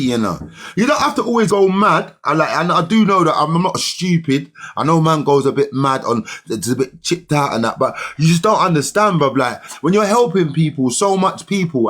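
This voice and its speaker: A young man rants heatedly at his livestream commenters. His husky voice sits high and swings widely in pitch as he argues. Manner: heated, argumentative, slangy. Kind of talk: ranting livestream monologue.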